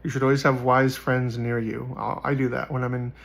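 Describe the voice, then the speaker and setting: A man giving casual Bible teaching in a quick, rambling way with many fillers, hoarse from being sick. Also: medium pitch, little pitch movement. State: hoarse from sickness.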